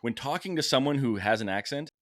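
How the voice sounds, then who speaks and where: A man hosting a podcast interview, chatty and enthusiastic and quick to laugh. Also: mid-range voice, lively intonation, fairly bright tone, no room sound. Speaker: podcast host. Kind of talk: casual interview chat.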